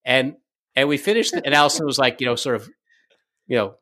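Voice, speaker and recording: A man telling stories from his directing days in a casual interview, lively, full of fillers and restarts. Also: mid-range voice, brisk. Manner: animated anecdote-telling, acts out quoted lines; frequent fillers and self-restarts.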